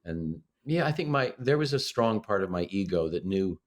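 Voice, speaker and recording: A man's voice: lowish voice, expressive, moderate pace. An older man from Illinois, a guest actor, telling stories in a casual interview with many restarts and self-corrections.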